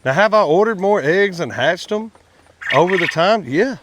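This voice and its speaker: A man's voice: high voice, animated, moderate pace, background noise. A man, chatting casually to viewers in a vlog while working outdoors at his quail pens, folksy and talkative. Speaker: quail farmer and channel host.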